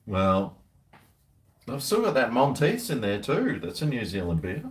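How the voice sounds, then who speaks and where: A man's voice: mid-range voice, wildly swooping pitch, unhurried, a little hiss or hum. A man chatting casually and cheekily with viewers on a live stream, joking and trading slangy banter as he tastes a beer.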